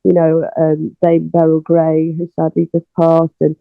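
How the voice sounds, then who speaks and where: Speaking a little slowly in a low voice with vocal fry, this middle-aged woman is a guest on a casual interview, spinning stories with lots of filler words. She performs the dialogue with animated energy, and the audio is a dry, tinny phone-line capture.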